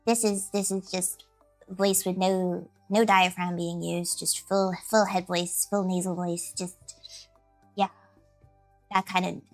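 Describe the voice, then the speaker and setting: A woman's voice: on the low side, flat delivery, slow, soft background music, voice pushed down, rough recording. A woman putting on a nasal nerd persona. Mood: pedantic. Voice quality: nasal head voice. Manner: pedantic, fussy "actually" delivery. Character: nasal nerdy know-it-all persona, lower-toned.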